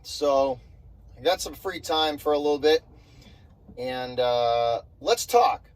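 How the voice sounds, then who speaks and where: A man's voice: mid-range voice, animated, takes it slowly, rough recording. A young man ranting angrily about his basketball team, swearing and repeating himself in exasperation. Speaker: sports vlogger. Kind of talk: fired-up sports rant.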